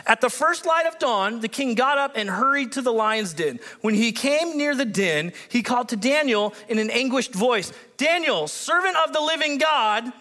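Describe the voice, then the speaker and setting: A pastor delivers a sermon in a high, bright male voice. He reads scripture, then breaks in with lively, animated commentary. Now and then he acts out the people in the story. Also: moderate pace, few pauses, in a large hall. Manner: animated, excitable, acts out biblical characters with voice shifts.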